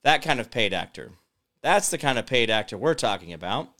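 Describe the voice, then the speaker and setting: A man's voice: medium pitch, very animated, brisk, bright, forceful tone. A man hosting his own daily show, talking casually and sarcastically, rambling with many fillers. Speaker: host of a daily talk show. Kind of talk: casual commentary monologue.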